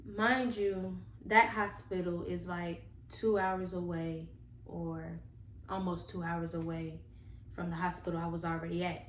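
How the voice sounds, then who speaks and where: A woman tells a personal story to her viewers, earnest and animated as she talks to them directly. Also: on the low side, measured pace. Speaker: vlogger telling a personal story. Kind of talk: casual storytime monologue. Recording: echoey room with faint background noise.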